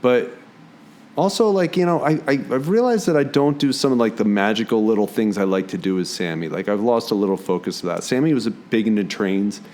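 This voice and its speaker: Low-voiced philly-area guy, guest on a podcast, chatting and telling stories, does squeaky voices for quotes. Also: a little fast, a little hiss or hum. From Philadelphia area. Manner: warm storyteller, jumps into high quoted voices. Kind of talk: casual conversation.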